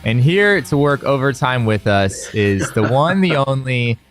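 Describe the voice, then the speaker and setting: A young man in his twenties hosting a podcast in casual chat, upbeat and quick to laugh. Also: medium pitch, lively intonation, faint music behind. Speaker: podcast host.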